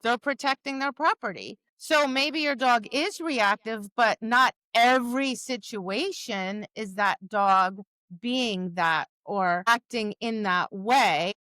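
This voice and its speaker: A woman's voice: a little high, slow pace, few pauses, bright, forceful tone, dry recording. A woman co-hosting a podcast as a dog trainer, talking in an emphatic, casual way that acts out quotes. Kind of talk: casual conversational chat.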